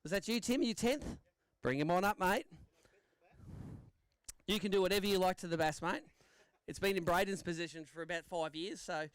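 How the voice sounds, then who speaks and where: A man's voice: high-pitched, moderate pace, long pauses, clear, resonant tone, no echo. Upbeat man emceeing a fishing weigh-in. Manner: upbeat, bantering with anglers. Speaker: tournament weigh-in MC. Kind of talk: live event emceeing. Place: outdoor lakeside weigh-in stage.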